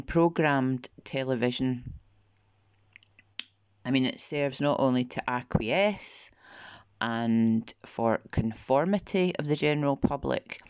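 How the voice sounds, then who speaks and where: A woman delivering a podcast monologue in a slow, deliberate way, sometimes dropping to a near whisper. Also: a bass voice, darkish tone, clear, resonant tone, no room sound. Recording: dull, lo-fi dry recording.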